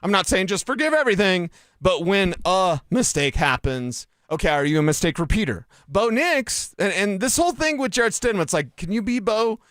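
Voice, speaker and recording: A man's voice: high-pitched, big pitch swings, a little fast, few pauses, fairly bright tone, dry recording, clean studio sound. A man from Colorado co-hosting a sports radio show, talking emphatically and joking. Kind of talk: casual sports talk. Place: radio studio.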